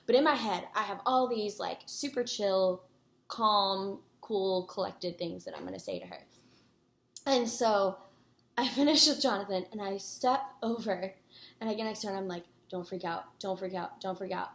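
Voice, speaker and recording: A woman's voice: medium pitch, normal speed. Chatty young woman in an echoey room. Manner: rambling, excitable, fillers like "like" and "guys". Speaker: vlogger. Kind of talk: casual storytelling to camera.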